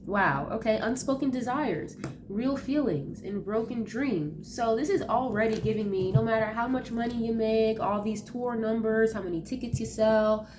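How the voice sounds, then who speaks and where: A woman's voice: fairly high pitch, normal speed, noisy background. A woman reading tarot in a casual chat, talking loosely with many fillers, her voice nasal from allergies. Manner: chatty, loose, full of fillers and asides. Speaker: tarot reader.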